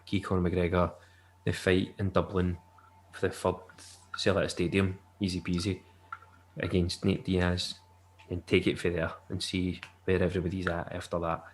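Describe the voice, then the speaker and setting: Jokey man, low voice. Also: level tone, moderate pace, slight background noise. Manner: rambling and jokey, laughs often. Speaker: podcast co-host. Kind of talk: casual chat.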